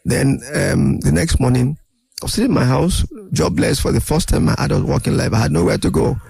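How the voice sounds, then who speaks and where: Gravelly older man telling stories. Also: mid-range voice, brisk. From Nigeria. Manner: animated anecdotal, acts out quoted voices. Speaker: guest. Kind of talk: storytelling interview.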